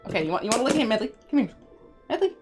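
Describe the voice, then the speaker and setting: A woman's voice: a little high, big pitch swings, racing, music in the background. A woman streamer chatting casually while she plays, rambling and talking sweetly to her pets. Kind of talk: casual live-stream chat while gaming.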